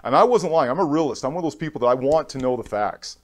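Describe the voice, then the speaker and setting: A man giving a keynote on a conference stage, telling a personal story in a heartfelt, halting way and acting out other people's lines. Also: a little high, lively intonation. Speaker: keynote speaker. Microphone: stage microphone.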